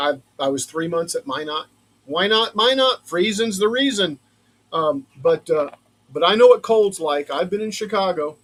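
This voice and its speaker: A man's voice: high-pitched, fairly bright tone. A man chatting casually on a livestream from his woodworking shop, rambling and thinking aloud as he works. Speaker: maker streaming a laser-cut build.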